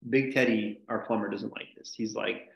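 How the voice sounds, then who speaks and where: A man's voice: on the low side, fairly even intonation, moderate pace, gravelly. A man teaching a casual logic class, rambling with many "like"s and restarts. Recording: echoey room, dull lo-fi sound.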